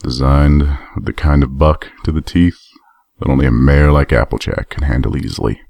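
A man's voice: rumbling low, normal speed, gravelly, darkish tone, no room sound, heavily acted. A man playing a battle-worn armored stallion soldier who talks in a weary, matter-of-fact way. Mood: grim, reminiscing. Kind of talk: audio drama acting.

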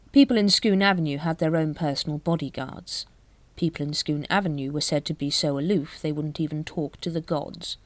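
A woman narrating an audiobook in a dry, measured storytelling manner on a close studio mic. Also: deep voice, no room sound. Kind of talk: scripted narration.

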